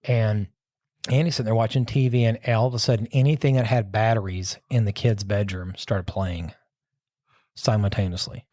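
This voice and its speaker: A man's voice: lowish voice, fairly even intonation, moderate pace, warm tone, no echo, studio quality. Rambling man telling a spooky story. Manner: rambling, restarts with "so anyways". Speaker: podcast host telling a story. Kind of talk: casual storytelling.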